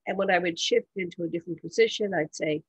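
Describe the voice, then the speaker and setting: A woman's voice: on the low side, fast talker, slightly rough, no echo, poor audio. A woman presenting a workshop in a casual, rambling way with many fillers and restarts.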